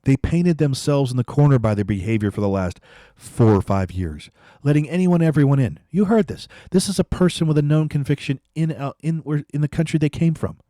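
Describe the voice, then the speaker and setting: A man's voice: a little high, expressive, fairly quick, dark tone, no echo, clean studio sound. A man hosting a political commentary, ranting angrily and repeating himself as he dares his listeners to respond. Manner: angry, ranting, repetitive, challenging viewers.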